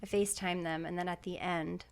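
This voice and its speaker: A woman's voice: on the low side, steady tone, brisk, clear, resonant tone. A woman in her thirties, a podcast guest, telling a personal story in a heartfelt, emotional way with many fillers.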